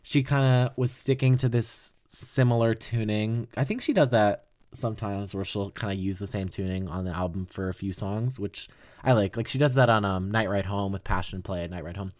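A man's voice: lowish voice, steady tone, normal speed, darkish tone. A young man hosting a podcast, talking casually and rambling about an album he loves, laughing often and swearing now and then. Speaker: podcast host. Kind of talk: casual music album review.

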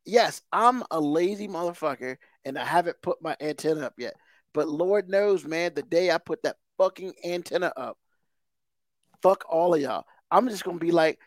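A high-voiced man rants on a podcast, heated and profane, circling back to the same gripe again and again. The sound is close and dry, with no room around it. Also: moderate pace, dry recording. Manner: heated, swears constantly, emphatic repetition. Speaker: podcast co-host. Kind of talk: casual profane rant.

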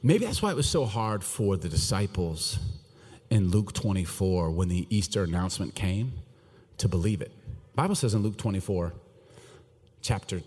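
Husky-voiced preacher man in echoing hall. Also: deep voice. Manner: animated, joking, swings between loud and hushed. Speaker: pastor. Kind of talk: sermon. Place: church hall. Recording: long reverb of a large church hall.

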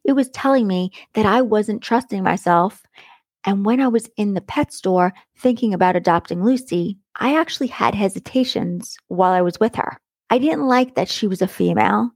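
A middle-aged woman talks straight into a close mic, with a dry sound and no room around her. She tells her story to listeners in a chatty, animated way. She is blunt, and her voice has a middle pitch. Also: no echo. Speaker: podcast host. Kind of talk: casual storytelling monologue.

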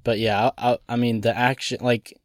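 A man co-hosting a podcast who chats casually about a movie, animated and laughing often in disbelief. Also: medium pitch, normal speed, no room sound, clean studio sound. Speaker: podcast co-host. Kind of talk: casual movie review chat.

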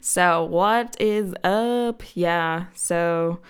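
Thirties woman rambling on her podcast, slow and lowish, lots of likes and ums. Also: clear, resonant tone. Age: 30s. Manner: rambling, filler-heavy, self-mocking with frequent laughs. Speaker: podcast host. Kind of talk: casual solo chat.

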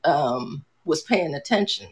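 A woman's voice: low voice, expressive, slow, breathy edge. A middle-aged woman chatting casually as a podcast co-host, rambling and hesitant with many restarts and fillers. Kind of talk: casual chat.

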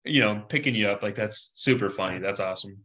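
A man's voice: fairly low pitch, fast talker, background noise. A man hosting a casual podcast, laid-back and laughing easily as he chats. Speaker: podcast host, coach.

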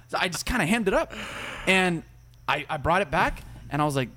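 A male veteran tells stories in a rapid, animated rush, cursing freely and slipping into other people's voices. His voice sits somewhat high for a man. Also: slight background noise. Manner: profane, animated, slips into voices. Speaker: podcast guest, military veteran. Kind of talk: casual storytelling chat.

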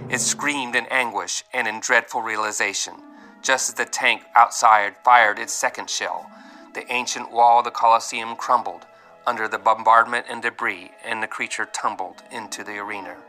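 A man's voice: mid-range voice, steady tone, normal speed, pushed and bright, rough recording. A man narrating a dramatic adventure story aloud, with vivid delivery and voiced characters. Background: faint music.

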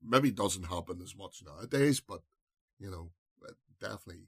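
Low-voiced man musing about films. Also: expressive, brisk, a bit bright, slightly rough, no room sound, studio quality. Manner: rambling, searches for words, many fillers. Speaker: podcast co-host. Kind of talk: casual film review chat.

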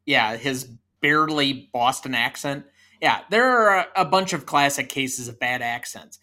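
A thirties-aged podcast co-host talks movies casually, leading the chat with trivia in a chatty way. His mid-range voice has lively intonation and a pushed, bright quality, and he never rushes.

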